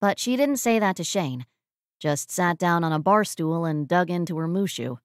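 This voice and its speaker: A woman reading a romantic comedy audiobook as narrator, in an even storytelling manner. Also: fairly low pitch, normal speed, no room sound, studio quality. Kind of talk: scripted narration.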